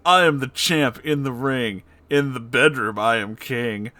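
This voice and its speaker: A man's voice: medium pitch, measured pace, sharp tone, no echo. A man voicing a boastful male cartoon cat rock star in a sing-song, swaggering chant. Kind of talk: comic sung reading.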